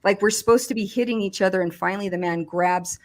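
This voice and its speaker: A woman recounting a personal experience in conversation, speaking haltingly with frequent restarts and fillers. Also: medium pitch. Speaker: survivor giving testimony.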